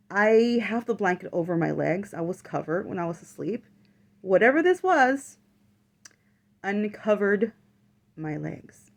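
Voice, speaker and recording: A woman's voice: medium pitch, expressive, measured pace, gravelly. A woman vlogger telling a personal story in casual chat, full of fillers and the odd swear word.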